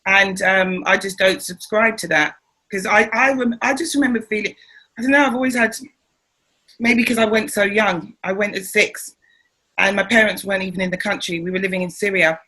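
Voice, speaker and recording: A woman from England with a bright, slightly husky voice, telling stories in an animated way as a comedy guest in a casual interview. She is middle-aged and talks in a loose, conversational style. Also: mid-range voice, fairly quick. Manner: animated storyteller who acts out voices.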